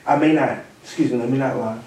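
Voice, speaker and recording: A man's voice: mid-range voice, fast talker, a little mellow. A man who is a guest on a podcast in casual chat, earnest and preachy, repeating his points. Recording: very echoey room, far from mic.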